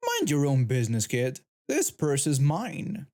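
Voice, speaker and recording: A man putting on a shrill entitled woman. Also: huge pitch swings, a little slow, a little mellow, exaggerated voice. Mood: contemptuous. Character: shrill entitled middle-aged woman, a thief.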